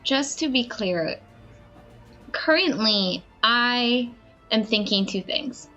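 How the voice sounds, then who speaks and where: A woman playing in a tabletop game, explaining her plans deliberately and with excitement. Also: a little high, lo-fi sound, soft background music. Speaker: player. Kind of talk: casual game chat.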